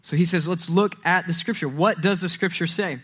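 A man preaching a sermon in a church, talking casually, acting out quoted voices and getting louder and higher when he stresses a point. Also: fairly quick. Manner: conversational, acts out quoted voices, rises loud and high when stressing. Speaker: pastor. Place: church sanctuary.

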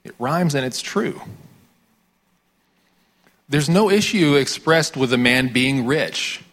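A man's voice: medium pitch, lively intonation, takes it slowly, a bit bright. A man with an American accent, a pastor giving a conversational sermon with dramatic readings of scripture.

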